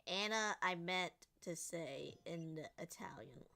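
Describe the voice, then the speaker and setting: A woman's voice: fairly low pitch, a little slow, gravelly, bright, forceful tone. A woman streaming a game, giggly and rambling as she comments.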